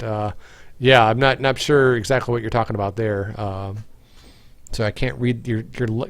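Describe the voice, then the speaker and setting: A man's voice: medium pitch, no echo. A man hosting a casual livestream, answering viewer questions in a rambling way with many fillers and restarts, tired and yawning. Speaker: game developer hosting a livestream.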